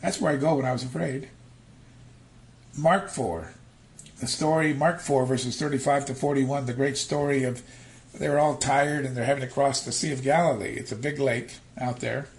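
A man preaching a sermon, telling stories with animated, shifting emphasis, from near-whispers to loud stresses. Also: mid-range voice, moderate pace. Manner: animated storytelling, acting out quotes.

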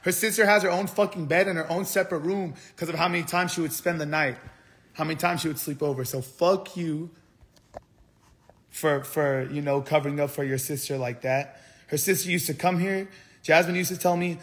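A man's voice: high voice, a little fast, fairly bright tone. A young man telling a heated story on a livestream, swearing often and repeating himself as he rants. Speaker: streamer.

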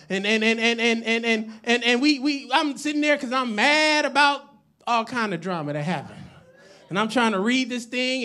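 A man pastor preaching a sermon to a live congregation, calling for responses, swinging from loud declarations to hushed asides, and joking with laughing asides. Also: extremely high pitch. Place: church service with live congregation.

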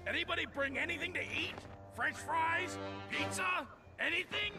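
An actor voicing a big, sweet-natured male hippo sidekick in a video game, eager and easily excited. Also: very high-pitched, normal speed, far from the mic. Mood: hungry. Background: game music.

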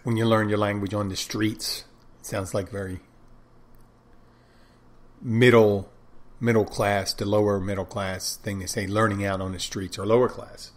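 Talking alone on his casual podcast, this man wanders from point to point, thinking aloud and drifting into digressions. He speaks at a moderate pace in a lowish, level voice, leaving long pauses.

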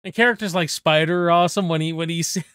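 A man's voice: a little high, steady tone, fast, a bit bright, a little hiss or hum. A man in his forties hosting a casual movie discussion, talking enthusiastically and swearing freely. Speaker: movie review host.

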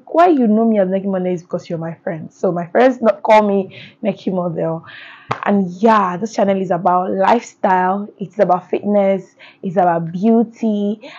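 A woman's voice: medium pitch, mellow. Bubbly woman vlogger, lo-fi sound. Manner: bubbly and effusive, laughing often. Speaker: lifestyle vlogger. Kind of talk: casual talk to camera.

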